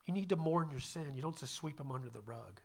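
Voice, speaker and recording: A man's voice: fairly high pitch, animated, quick pace, creaky, husky. A man preaching a casual, conversational sermon as pastor, chatty and self-deprecating, often checking in with his congregation.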